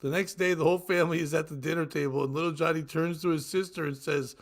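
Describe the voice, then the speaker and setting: Talking fast with fairly even intonation and hardly any pauses, this podcast co-host reads crude jokes on a casual comedy show, voicing characters over the top. He never stops laughing, breaking into high shrieking squeals.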